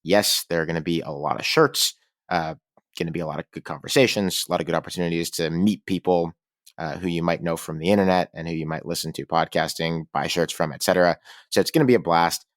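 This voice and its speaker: Deep-voiced man hosting a sports podcast. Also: quick pace, no room sound, studio quality. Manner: conversational, reads sponsor reads with enthusiasm. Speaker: podcast co-host. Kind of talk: casual sports podcast talk.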